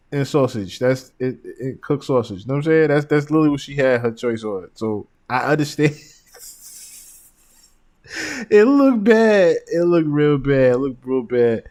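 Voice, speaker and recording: Male podcast host, mid-pitched, casual and laughing commentary. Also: normal speed. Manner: laughing, animated storyteller.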